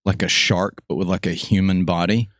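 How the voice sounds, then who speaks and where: A man's voice: low voice, little pitch movement, normal speed, a bit bright, no echo, clean studio sound. Rambling man hosting a podcast. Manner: loose, rambling, many fillers. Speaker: podcast host. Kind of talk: casual podcast chat.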